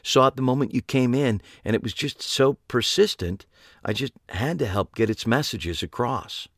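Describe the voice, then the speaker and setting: A man's voice: mid-range voice, moderate pace, a bit bright, dry recording, pitched above the performer's own voice. Male reader voicing a bubbly psychic shop owner woman, effusive and chatty, dry close audiobook sound. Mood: gushing. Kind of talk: audiobook character voice.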